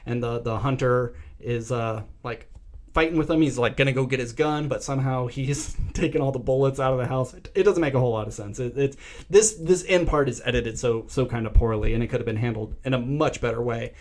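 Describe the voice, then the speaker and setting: Young adult male co-host: lively, casual storyteller who acts out the quotes, medium pitch. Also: a little fast. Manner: animated retelling with acted-out quotes. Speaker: podcast co-host. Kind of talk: casual movie recap chat.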